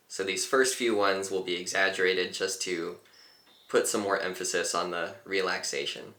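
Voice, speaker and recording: A meditation teacher leads a guided breathing meditation, speaking in a calm, unhurried, gently instructive way. His voice is low yet bright and clear, and the room adds a noticeable echo.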